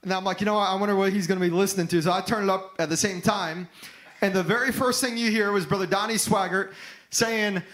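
A man with a high, light voice delivers a sermon. His preaching is emphatic and grows fervent as he presses each point home. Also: steady tone, fast, a bit bright, poor audio. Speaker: pastor.

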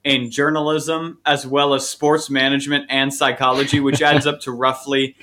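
A man's voice: mid-range voice, little pitch movement, moderate pace, pushed and bright. A man co-hosting a fan podcast, bantering in a joking, self-mocking way. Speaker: podcast co-host. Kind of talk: casual chat.

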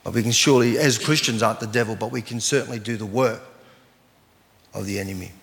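A man's voice: fairly low pitch, quick pace, vocal fry, a bit bright. A man, a pastor preaching an earnest sermon and reading scripture aloud. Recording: long hall reverb.

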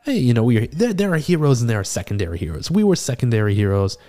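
A man playing a seasoned male tortle cleric, telling a rambling, animated, self-deprecating tavern tale in a tabletop game. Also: medium pitch, fast talker, lightly acted. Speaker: player. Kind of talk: in-character tavern storytelling.

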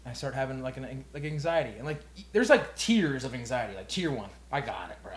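This young man talks like he's recounting a wild night to friends. His delivery is animated, with quoted voices and curse words scattered through. His pitch sits in an ordinary middle register. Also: brisk. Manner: animated storyteller, acts out quotes, swears freely. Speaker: podcast co-host. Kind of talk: casual storytelling chat.

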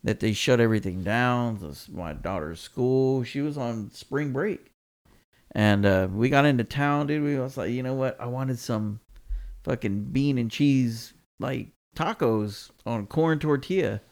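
Man, gravelly voice with fry, relaxed profane storyteller in casual chat. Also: medium pitch. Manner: laid-back, profane, drawn-out storytelling.

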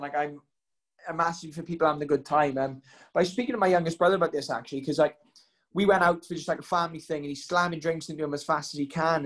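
A young man telling stories in casual chat, rambling with lots of ums and likes. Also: a little high.

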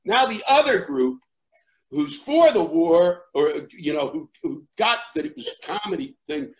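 A middle-aged man, a comedian, telling a rambling story in conversation with many fillers and restarts, acting out shouting crowds. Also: on the high side, measured pace. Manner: animated, acts out shouting crowds. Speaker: comedian guest.

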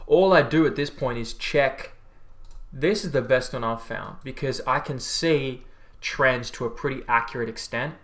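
A man's voice: medium pitch, normal speed, a bit bright. An Australian man chatting casually on a livestream, reading out viewer comments and rambling with free swearing. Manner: rambling, laid-back, swears freely. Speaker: livestreamer and health coach.

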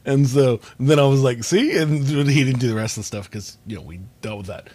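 A young man hosts a relaxed podcast chat over a video call. He rambles through his stories, full of ums, uhs and restarts. His voice sits at an ordinary, middle pitch. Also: brisk, no echo. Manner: rambling storyteller, many fillers and restarts. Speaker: podcast host.

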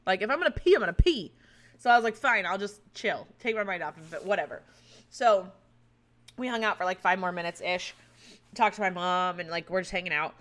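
Bright-voiced woman telling a candid story. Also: lowish voice, brisk. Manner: chatty and candid, swears freely, laughs often. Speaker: vlogger recounting a personal experience. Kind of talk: casual storytelling.

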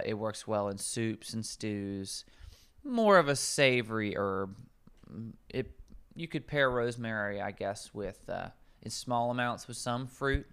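A man's voice: lowish voice, fairly bright tone, clear, resonant tone. A man, a nutrition coach, explaining herbs in casual podcast conversation, rambling and correcting himself as he goes.

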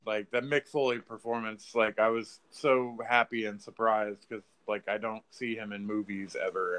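A man co-hosting a podcast, chatting casually about a film, swearing freely and acting out lines in a high mocking voice. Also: steady tone, normal speed, few pauses, fairly bright tone. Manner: loose, profane, acts out lines in a high mocking voice. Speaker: podcast co-host. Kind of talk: casual movie review chat.

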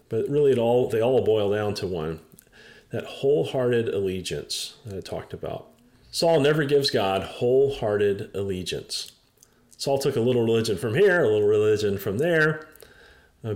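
A male pastor delivering a sermon as a lively story, his pitch rising and falling widely as he drives home each point. He talks with frequent uh's, chuckles at the comic moments, and slows down for emphasis. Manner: animated storyteller, chuckling, many fillers.

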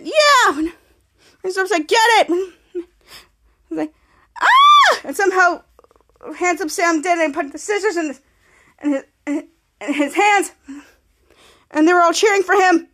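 A woman hosting a podcast, excitedly retelling a TV episode scene by scene and quoting the characters' lines. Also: extremely high pitch. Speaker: podcast host. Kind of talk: casual episode recap.

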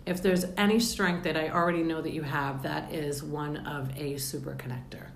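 A bubbly woman hosts a casual podcast chat. Her voice sits a little low and her talk is jokey. The room is echoey, with faint noise behind her. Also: steady tone, normal speed, vocal fry. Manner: bubbly, laughs often, jokey. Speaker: podcast host. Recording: roomy with faint background noise.

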